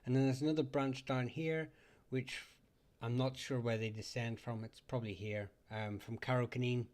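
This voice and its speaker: A man's voice: mid-range voice, steady tone, moderate pace, a little mellow. A man with a Northern Irish accent hosting a casual live chat, rambling and laughing often as he talks. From Northern Ireland. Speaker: livestream host.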